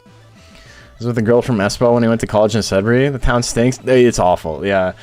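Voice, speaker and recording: A man's voice: medium pitch, fairly quick, darkish tone. A young man streaming a game, chatting casually in loose, profane, joking rants. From Ontario, Canada. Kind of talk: casual chat while gaming. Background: faint game music.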